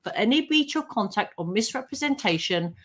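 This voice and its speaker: A woman, a legal expert on a live radio talk show, explaining consumer rights in a clear, measured way. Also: a little high, animated, a bit bright.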